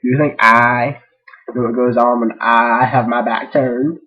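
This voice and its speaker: A man's voice: mid-range voice, little pitch movement, unhurried, slightly rough. A man voicing a young filly who plays a stern, commanding king. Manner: commanding, pounding the table. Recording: dull lo-fi recording.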